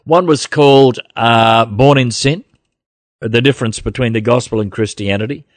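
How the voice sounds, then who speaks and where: A man's voice: medium pitch, normal speed, no echo, studio quality. Blunt man hosting a podcast. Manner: blunt, combative, laughs often. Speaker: podcast host. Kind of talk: casual podcast chat.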